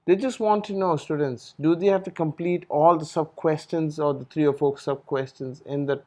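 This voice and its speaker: A man's voice: on the high side, steady tone, normal speed, a little mellow. A man co-hosts the session. He puts students' questions to the trainer in plain, simple words. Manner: relays students' questions, brief agreeing replies. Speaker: co-host asking questions. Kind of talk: interviewing a trainer.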